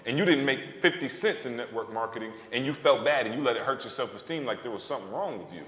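A man's voice: mid-range voice, animated, fast talker, a bit bright. A man in his thirties, an author and podcast co-host, telling a story on a live stage and acting out the quotes with animation. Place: stage before a live audience. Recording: roomy hall reverb.

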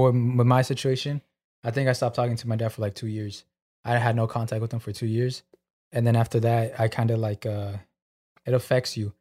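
Young dude cohost, kinda monotone, says like a lot. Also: male voice, medium pitch. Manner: flat, filler-heavy talk. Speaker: podcast co-host. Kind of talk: casual chat.

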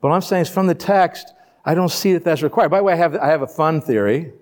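A man's voice: on the high side, quick pace, darkish tone. A man preaching a sermon to a congregation, reading scripture aloud and explaining it in a conversational way, with rhetorical questions and playful asides. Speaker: pastor. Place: church before a live congregation.

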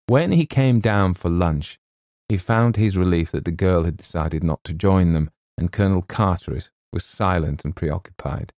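Deep-voiced guy reading a funny old story, dry close sound, measured. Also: a little mellow, dry recording. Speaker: audiobook narrator. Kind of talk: scripted narration.

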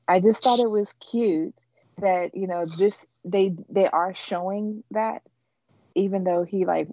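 Low, mellow woman rambling on a podcast. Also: dry recording. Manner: rambling, with many fillers and restarts. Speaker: podcast co-host. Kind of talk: casual TV recap chat. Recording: dull lo-fi podcast audio.

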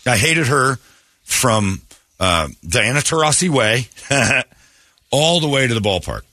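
A man's voice: mid-range voice, very animated, slow pace, sharp tone, dry recording. A male radio show host telling a story in a rambling, sarcastic, mocking way on a studio mic. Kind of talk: casual talk radio storytelling. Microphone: studio microphone.

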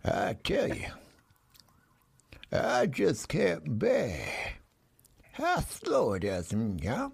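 A man plays a cowboy who stretches every word into a lazy, slow drawl and tags on a questioning "yeah?". The voice sits higher than a plain speaking voice and has an odd, put-on tone. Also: wildly swooping pitch, gravelly, breathy edge, full character voice.

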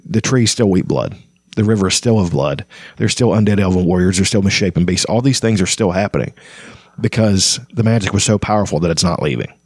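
Deep-voiced man chatting about a book. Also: brisk, a little mellow, breathy edge, no echo, clean studio sound. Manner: conversational with frequent fillers and restarts. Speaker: book discussion host. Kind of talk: casual book commentary.

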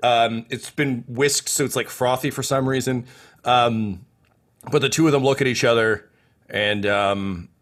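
A man narrating as game master of a tabletop game, rambling casually with many fillers and trailing off softly. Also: medium pitch, fairly even intonation, measured pace.

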